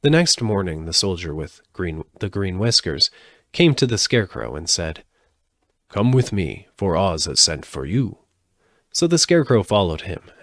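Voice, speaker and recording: A man reading a storybook aloud live, expressive, with occasional slips and restarts. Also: deep voice, no room sound, clean studio sound. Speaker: audiobook reader.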